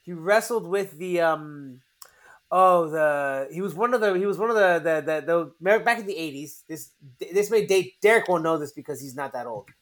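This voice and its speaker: A man hosting a podcast in casual chat, excitable, laughing often, swearing and restarting his sentences. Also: a little high, normal speed. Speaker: podcast host.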